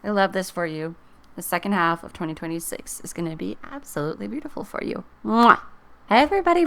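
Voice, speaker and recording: Chatty woman reading tarot cards. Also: medium pitch. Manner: chatty, encouraging, thinks aloud. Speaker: tarot reader. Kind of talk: casual tarot reading to camera.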